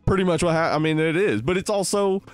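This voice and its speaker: Smooth-voiced rambling male co-host. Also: on the high side, quick pace, dry recording, faint music behind. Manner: rambling, many "like"s and restarts. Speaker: podcast co-host. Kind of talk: casual film-review chat.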